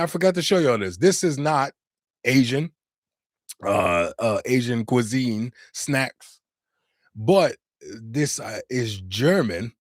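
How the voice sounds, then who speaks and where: A man hosting a casual livestream chat from his home in Finland, reading and reacting to the live chat in a lively, talkative way. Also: medium pitch, no room sound, studio quality. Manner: animated, chatty, laughs and exclaims often. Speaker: livestream host.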